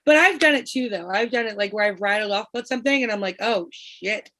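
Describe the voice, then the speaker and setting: Animated woman hosting a chat. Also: on the high side, very fast. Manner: animated, encouraging, talkative. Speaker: host. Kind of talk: casual group chat.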